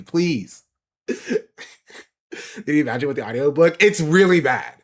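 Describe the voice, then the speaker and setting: A man's voice: a little high, husky. A man streaming live, chatting casually and answering his viewers' questions. He laughs often and repeats phrases for emphasis. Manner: answers chat questions aloud.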